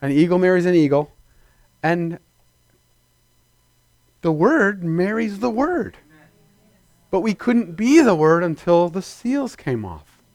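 Playful preacher with a dry close sound. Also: male voice, high voice, big pitch swings, takes it slowly, pauses often, a little mellow, no room sound. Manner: conversational, playful, acts out little scenes in put-on voices. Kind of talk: sermon. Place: church before a congregation.

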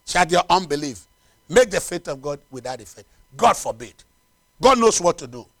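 A male preacher with a high voice that leaps up and down as he builds to loud declarations and then drops to hushed asides. He repeats phrases to drive them home. The sound is dry and close. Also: very animated, normal speed, no echo. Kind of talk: sermon with closing prayer.

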